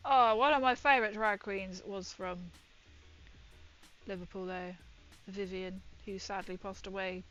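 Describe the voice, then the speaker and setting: A woman's voice: medium pitch, steady tone, unhurried, long pauses, fairly bright tone, dull audio, soft background music. A woman chatting casually as she paints miniatures, rambling and swearing now and then. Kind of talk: casual chat while painting.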